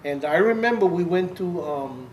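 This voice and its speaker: A man's voice: high voice, animated, normal speed, darkish tone, recorded from a distance. An older man, telling stories in an oral history interview, laughing and acting out what others said. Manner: storytelling, laughs often, acts out quotes. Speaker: interviewee, former activist. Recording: roomy, off-mic, faint background noise.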